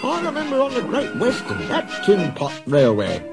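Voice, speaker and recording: A man's voice: extremely high pitch, huge pitch swings, normal speed, vocal fry, pitched above the performer's own voice, exaggerated voice. A man voicing a proud, fussy male steam engine who sounds boastful and indignant, over background music.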